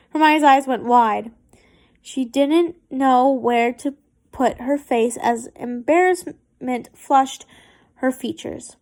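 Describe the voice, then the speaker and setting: A woman's voice: high-pitched, takes it slowly, darkish tone. A late-teen young woman reading fanfiction aloud in an amateur way, hesitant and giggly, with restarts and embarrassed asides. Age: late teens. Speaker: fanfiction reader.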